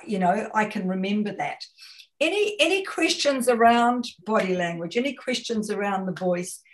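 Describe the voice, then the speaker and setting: A woman with a New Zealand accent giving a webinar talk as a communication consultant, emphatic and fond of rhetorical questions and repeated phrases. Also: medium pitch. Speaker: guest speaker, communication consultant.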